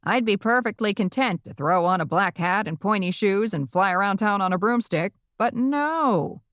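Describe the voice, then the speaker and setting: A woman's voice: mid-range voice, lively intonation, moderate pace, a bit bright, no echo, clean studio sound. A woman voicing a brash elderly witch grandmother doing stand-up comedy, with a brassy, bawdy delivery. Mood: cutting. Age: older.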